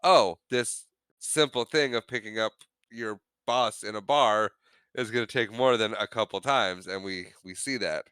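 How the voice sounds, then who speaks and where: A man's voice: on the low side, measured pace, a bit bright, smooth, no room sound. A man co-hosting a podcast, casually recapping a movie scene by scene and acting out the characters' lines. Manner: retells scenes acting out quotes. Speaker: podcast co-host.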